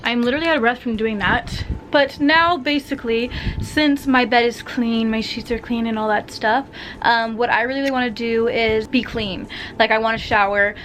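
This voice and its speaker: A woman's voice: on the high side, steady tone, normal speed, a bit bright, slight background noise. A young woman chatting casually to her camera at home, filling her talk with "like" and "literally". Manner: chatty, heavy use of "like" and "literally". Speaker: vlogger. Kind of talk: casual vlog chat. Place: home, bedroom and bathroom.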